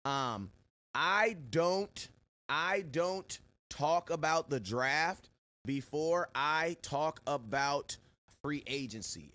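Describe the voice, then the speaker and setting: Animated man giving shout-outs to viewers. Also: a little high. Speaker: sports show host. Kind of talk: live-stream chat.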